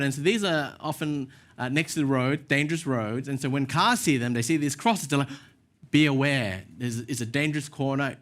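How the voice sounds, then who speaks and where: A male pastor giving a sermon in a church, telling stories in a relaxed, self-mocking way. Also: on the high side. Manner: casual storytelling with self-deprecating asides.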